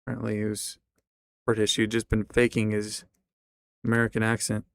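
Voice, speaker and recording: Male streamer, slow and gravelly, profane storyteller, dry close mic. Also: on the low side, monotone, dry recording. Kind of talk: rambling comic storytelling.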